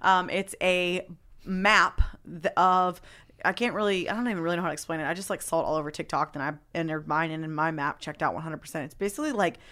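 A woman's voice: on the low side, fairly even intonation, quick pace, sharp tone. A woman co-hosting a podcast in casual, playful chat, stretching out her phrases with fillers. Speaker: podcast co-host.

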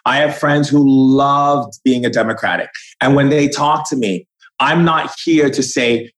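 A man's voice: mid-range voice, unhurried, a bit bright, low-quality recording. A man speaking as a spiritual guide in an impassioned, preachy way, acting out quoted conversations.

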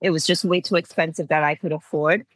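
A woman's voice: low-pitched, steady tone, brisk, no echo, low-quality recording. A woman in her forties with an Antiguan accent, speaking as an interview guest and telling her story with feeling and frequent laughter. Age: 40s. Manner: heartfelt storytelling, laughs often. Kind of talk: interview conversation.

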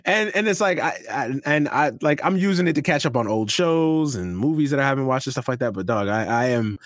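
A young man hosting a casual sports podcast, talking in an animated, slangy way and swearing freely. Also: medium pitch, brisk, no room sound, clean studio sound. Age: young adult. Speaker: podcast host.

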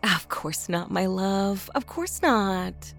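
A woman playing a gleeful, sadistic wife in a horror audio drama, with a sweet, eager, unhurried delivery. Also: medium pitch, expressive, gravelly, a bit bright, faint music behind, heavily acted. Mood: sweetly wicked.

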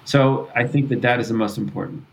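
A man's voice: medium pitch, fairly quick, vocal fry, rough recording. Earnest man explaining parenting advice. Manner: earnest, explanatory, frequent restarts. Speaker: author and parenting expert guest. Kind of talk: interview answers.

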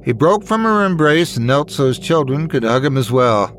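A man reading scary stories as a dramatic, expressive narrator. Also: medium pitch, normal speed, background noise. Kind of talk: scripted horror story narration.

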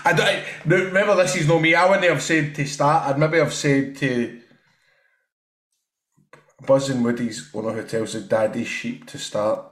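A Scottish man co-hosting a casual football podcast, excitable and joking. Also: medium pitch, normal speed. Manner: excitable, laughs and shouts a lot. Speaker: podcast co-host.

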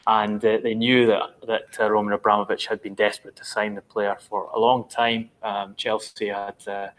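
A man who works as a football journalist, talking through transfer deals in a measured, analytical way with frequent ums. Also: lowish voice, level tone, a bit bright, rough recording. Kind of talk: podcast discussion.

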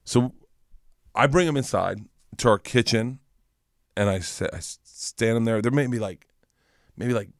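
A man in his forties chatting casually, telling animated stories and acting out the voices in them. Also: a little slow, long pauses, no echo, studio quality. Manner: animated storyteller, acts out quotes with rising pitch. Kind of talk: casual chat.

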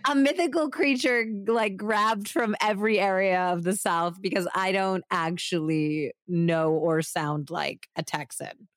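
A woman's voice: medium pitch, fairly even intonation, unhurried, hardly any pauses, no room sound, studio quality. A woman co-hosting a true crime podcast, telling the story with dramatic flair and joking between segments. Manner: dramatic storytelling, playful banter.

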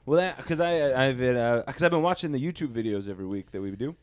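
A man co-hosting a casual comedy podcast, dropping deadpan one-liners. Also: medium pitch, fast talker, a little hiss or hum. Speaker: podcast co-host.

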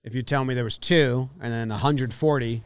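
A man's voice: medium pitch, steady tone, brisk, smooth. A man co-hosting a podcast, reading out an odd news story in a skeptical, wry way. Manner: skeptical, wry, reads news items aloud. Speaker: podcast co-host. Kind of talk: casual chat.

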